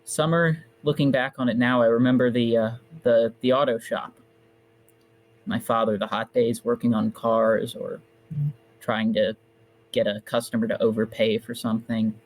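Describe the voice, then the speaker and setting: A man's voice: medium pitch, flat delivery, normal speed, rough recording. A man speaking in character during a tabletop role-playing game, reminiscing reflectively. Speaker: player.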